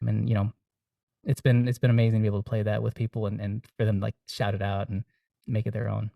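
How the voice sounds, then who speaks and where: A man's voice: on the low side, little pitch movement, fast talker, gravelly, mellow, no echo, studio quality, far from the mic. A young man, a singer-songwriter guest, talking earnestly and reflectively in a casual interview, with many fillers and restarts.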